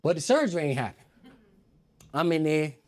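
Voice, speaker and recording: Telling an animated story during his stand-up set, this man talks directly to the audience, calling them "y'all." His voice is fairly high and his pace moderate.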